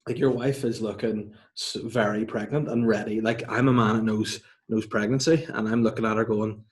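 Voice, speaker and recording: A man's voice: on the low side, steady tone, moderate pace. A man in his thirties hosting a podcast, telling rambling, self-mocking stories in casual chat. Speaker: podcast host.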